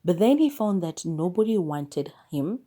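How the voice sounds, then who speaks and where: Solo podcast host: young Kenyan woman, mellow and slightly low-pitched, chatty and animated. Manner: chatty, animated storytelling with quick asides. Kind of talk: casual solo podcast monologue.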